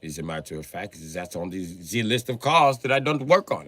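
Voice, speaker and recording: A man on a livestream who rants about cars in a profane, excitable way, now and then bursting into a shout. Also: low-pitched, normal speed, few pauses. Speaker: livestreamer and car mechanic. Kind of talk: profane ranting livestream chat.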